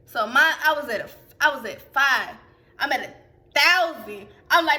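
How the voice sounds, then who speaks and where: A woman telling a profane, animated storytime to her camera in a casual vlog. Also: high-pitched, normal speed. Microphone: phone or webcam.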